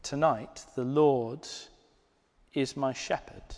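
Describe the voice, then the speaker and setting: A man preaching a sermon in a church, slow and deliberate, dropping to hushed, near-whispered emphasis. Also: mid-range voice, fairly even intonation. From Britain. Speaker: pastor. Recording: long reverb of a church hall.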